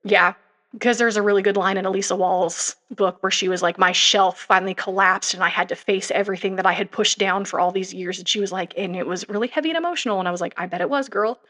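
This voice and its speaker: A woman's voice: mid-range voice, fast, a bit bright. A young woman co-hosting a podcast, retelling a story in a casual, rambling way with lots of fillers and asides. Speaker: podcast co-host. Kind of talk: casual true-crime chat.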